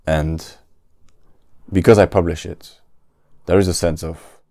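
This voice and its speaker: A man with a deep, dark voice speaks at an unhurried, steady pace, recorded dry and clean in a studio. He hosts a casual solo podcast, often pausing to search for words and restarting sentences. His first language is French.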